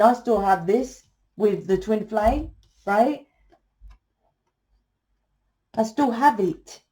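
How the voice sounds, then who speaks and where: A woman talking through a casual tarot reading, blunt and salty, often checking in with a quick "right?". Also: medium pitch, a little mellow. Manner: blunt, swears freely, keeps asking "right?". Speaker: tarot reader.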